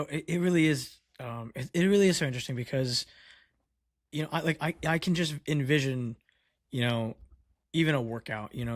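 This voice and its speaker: A man hosting a podcast, asking long, halting questions full of fillers. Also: mid-range voice, no echo, studio quality. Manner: halting, hedging, heavy fillers. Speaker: podcast host.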